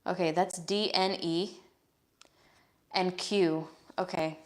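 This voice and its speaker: This woman speaks slowly in a lowish voice while doing a live tarot reading. Her style is casual and blunt with free swearing, and she reads the card messages aloud in a steady voice.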